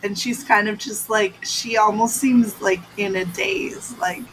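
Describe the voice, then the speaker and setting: A woman taking part as a player in a tabletop game, chatty and excitable. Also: medium pitch, a little slow, a little hiss or hum, low-quality recording.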